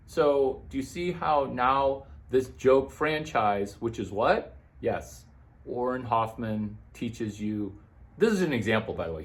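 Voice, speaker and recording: A man, a comedian, talking through numbered business tips in a jumpy monologue full of quick asides and sudden leaps in pitch. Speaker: comedian giving business advice.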